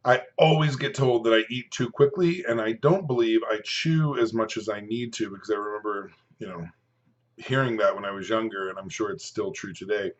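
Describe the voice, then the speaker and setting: Chatty fifty-something man, low voice. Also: lo-fi sound. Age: 50s. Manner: rambling, chatty, with pauses to chew. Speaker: food and fitness vlogger. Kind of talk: casual talk to camera while eating.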